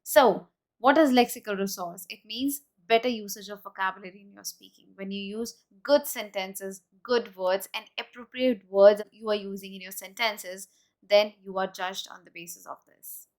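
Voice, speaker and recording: A woman's voice: mid-range voice, steady tone, normal speed. A woman with an Indian English accent teaching an exam-prep speaking lesson, explaining step by step and modelling example sentences aloud.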